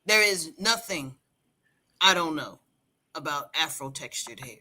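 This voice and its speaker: Emphatic, bright-voiced woman hair educator. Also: sits low, animated, a little slow, long pauses. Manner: emphatic, insistent lecturing. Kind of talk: casual livestream chat.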